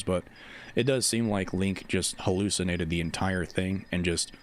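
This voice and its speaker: A man chatting casually on a livestream as host, rambling in an animated, self-mocking way and answering viewer comments. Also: low-pitched, slight background noise. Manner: reads viewer comments aloud and answers them. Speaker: Zelda theory YouTuber streaming.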